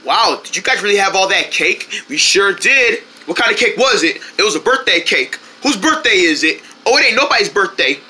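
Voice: mid-range voice, expressive, a little fast, few pauses, pushed and bright. Someone voicing Connie, a curious friend. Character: Connie, a curious friend who turns down cake.

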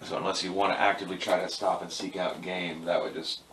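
A young man running a tabletop game with a lowish voice. He rambles through the scene in a relaxed way and fills it with "like" and "uh.". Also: fast talker, background noise. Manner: relaxed, rambling, many fillers. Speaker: game master.

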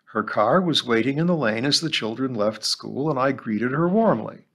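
A man hosting a book club program who reads a novel aloud with expressive storytelling. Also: mid-range voice, moderate pace, hardly any pauses. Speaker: host reading a novel aloud.

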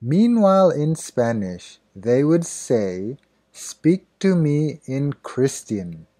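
Slow, deliberate man with a dark voice. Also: medium pitch, very animated, no room sound. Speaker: idiom teacher. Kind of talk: scripted narration.

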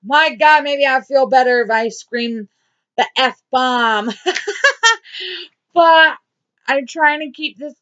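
A woman's voice: high voice, slow pace, fairly bright tone, dull audio. A woman vlogger talking straight to camera in a blunt, repetitive diary-style video. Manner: blunt, swearing, repeats herself. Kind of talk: angry diary vlog rant.

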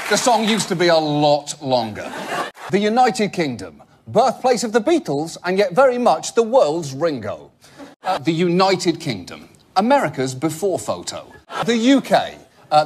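A British man delivers a satirical comedy monologue in a high, animated voice that leaps up and down. His jokes land punchy and sarcastic. Clear noise sits under the recording. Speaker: comedy show host. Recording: noisy studio recording.

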